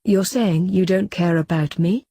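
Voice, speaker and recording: A woman's voice: fairly low pitch, unhurried, dark tone, breathy edge, dry recording, studio quality. A woman voicing an emotional, pleading young wife while reading a story aloud.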